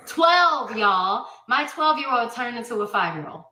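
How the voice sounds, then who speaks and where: A woman with a high, bright voice tells her story slowly and with feeling. She repeats lines and acts out the people she quotes. The sound is roomy and echoing. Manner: animated, repeats herself, quotes others. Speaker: guest telling her story. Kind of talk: emotional storytelling clip.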